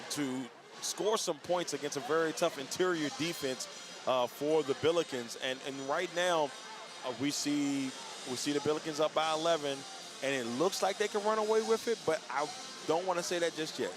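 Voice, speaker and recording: A man doing live radio play-by-play for a basketball game, measured and easygoing, chuckling between calls. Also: a little high, over music.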